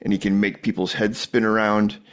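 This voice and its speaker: A man co-hosting a casual podcast, telling movie anecdotes with relaxed hesitations. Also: lowish voice, a little fast. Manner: laid-back anecdotes with hesitations. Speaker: podcast co-host. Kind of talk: casual chat, storytelling.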